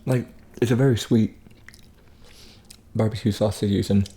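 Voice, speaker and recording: A man's voice: on the low side, steady tone, normal speed, warm tone, slight background noise. A man casually telling a story in slang between bites of food, as a food vlogger. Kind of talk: casual mukbang chat.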